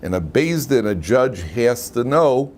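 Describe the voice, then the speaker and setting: Rabbi teaching a lively class. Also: male voice, mid-range voice, a little slow, slight background noise. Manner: lively, asks the class questions, frequent "right?". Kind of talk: informal Torah class.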